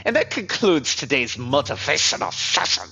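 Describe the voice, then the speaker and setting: A man voicing a pompous male office boss in a deliberately bad put-on French accent, speaking in a theatrical, grandiose way. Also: medium pitch, huge pitch swings, pushed and bright, full character voice. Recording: slightly muffled, music faint.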